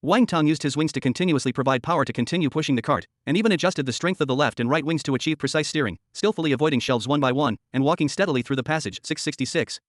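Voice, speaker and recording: A man narrating a comic story recap in a steady, scripted storytelling read. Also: a little high, rapid-fire, few pauses, no room sound, studio quality.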